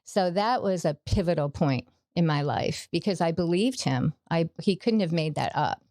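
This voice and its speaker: A woman's voice: lowish voice, animated, moderate pace, a little mellow, dry recording, clean studio sound. A middle-aged woman, a podcast guest, giving a personal faith testimony in an earnest storytelling way, acting out the quoted dialogue.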